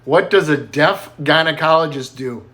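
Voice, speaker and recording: A man's voice: fairly high pitch, moderate pace, pushed and bright. A man telling crude jokes in a casual way, bouncing into character voices and laughing at his own punchlines. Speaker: joke teller.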